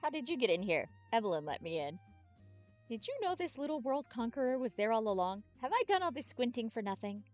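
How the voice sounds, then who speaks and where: A woman reading the lines of a spirited young heroine in a game, in a brisk, sharp manner. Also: fairly high pitch, sing-song, lo-fi sound, faint music behind.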